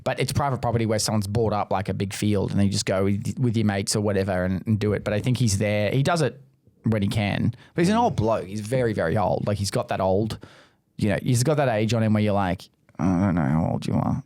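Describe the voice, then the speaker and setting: An Australian man, a podcast co-host, telling sweary, animated stories in casual chat. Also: on the low side, fast. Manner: swears a lot, animated storytelling with acted-out quotes.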